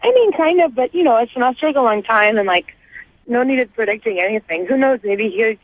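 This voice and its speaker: A woman's voice: on the high side, lively intonation, a little fast, no echo. A woman calling in to a radio show, gushing and chatty, with many filler "like"s. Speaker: radio caller. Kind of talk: casual phone chat. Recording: tinny phone line.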